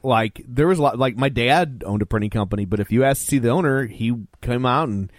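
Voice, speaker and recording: A man's voice: mid-range voice, a little fast, no room sound. Laid-back wry man, dry mic. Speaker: podcast co-host. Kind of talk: casual movie review chat.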